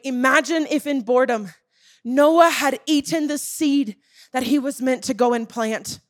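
A woman preaching a sermon, emphatic and calling out to the congregation as church. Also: high-pitched.

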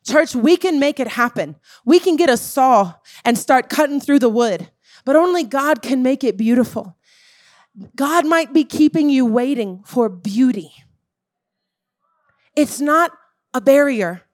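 A woman's voice: high-pitched, darkish tone. A woman preaching a sermon, emphatic and calling out to the congregation as church.

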